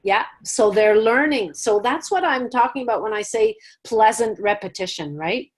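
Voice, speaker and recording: A woman's voice: fairly high pitch, normal speed. A woman explaining her French teaching routine in a training session, acting out classroom moments with gasps. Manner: animated, acts out classroom voices with gasps. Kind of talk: teaching demonstration.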